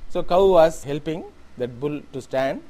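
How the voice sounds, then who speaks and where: A man's voice: a little high, unhurried, mellow. A middle-aged man telling a scripture story in a discourse, explaining each Sanskrit term as he goes. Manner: explanatory, glosses Sanskrit terms. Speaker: religious storyteller.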